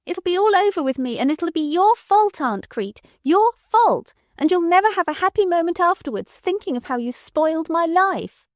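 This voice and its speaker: A woman doing a shrill furious young woman. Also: sing-song, normal speed, no echo, studio quality. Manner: shrill, screaming, accusing. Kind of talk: audiobook character voice.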